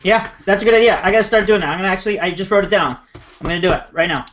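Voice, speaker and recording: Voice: medium pitch, racing, fairly bright tone, highs cut off. A podcast host in easygoing, agreeable casual chat.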